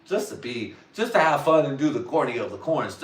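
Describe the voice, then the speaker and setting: A man's voice: mid-range voice, big pitch swings, a little fast, distant mic. A man workshopping jokes on a livestream in a rambling, profane, self-doubting way. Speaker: livestream comedian. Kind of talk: casual livestream joke workshopping. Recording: roomy, away from the mic.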